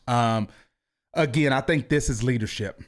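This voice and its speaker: Energetic man coaching on a podcast. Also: unhurried. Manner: high-energy, animated hands talker. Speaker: youth football coach and podcast host. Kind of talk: motivational podcast talk. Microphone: video podcast mic.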